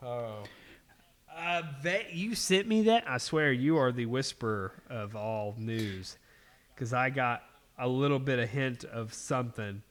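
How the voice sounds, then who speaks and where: A man, hosting a casual podcast chat and telling a story with animated, heavy swearing. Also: mid-range voice, measured pace. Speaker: podcast host.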